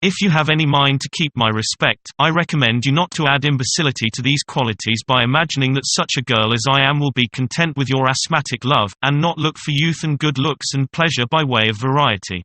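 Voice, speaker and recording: A man reading the lines of a scornful, teasing young woman in a classic story audiobook, with a bright tone. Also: medium pitch, brisk, hardly any pauses, slight background noise, natural voice. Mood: mocking. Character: young woman, mocking kept mistress.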